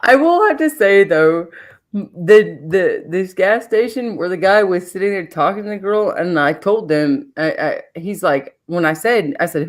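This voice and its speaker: A woman's voice: lowish voice, normal speed. A woman from California, co-hosting a live stream, telling a rambling story in casual chat with laughs and swearing. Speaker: co-host of a live trivia stream. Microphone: streaming call mic.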